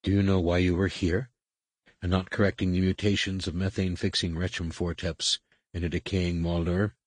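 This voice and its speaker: Stern middle-aged alien priestess-scientist, read by a male narrator; low, husky, quietly authoritative. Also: level tone, moderate pace, no echo. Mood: stern, measured. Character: stern female master shaper, middle-aged, commanding.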